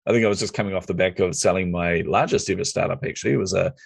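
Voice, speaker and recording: Speaking quickly and low with vocal fry and a breathy edge, a middle-aged New Zealand man tells a story as a podcast guest, lively and acting out quoted lines. The casual interview sounds close and dry on the mic, with no room sound.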